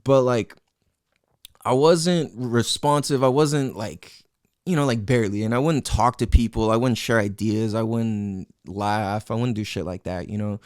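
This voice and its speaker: A man's voice: mid-range voice, dry recording, studio quality. A young man hosting a podcast, telling a personal story in a casual, profane, rambling way full of "like" and "you know what I'm saying". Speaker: podcast host. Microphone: headphones with mic.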